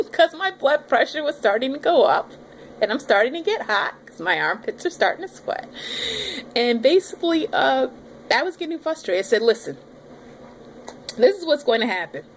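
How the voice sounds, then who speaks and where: A pregnant woman in her thirties telling her audience a story in a casual, animated vlog. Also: high voice, moderate pace, long pauses, slight background noise. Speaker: vlogger.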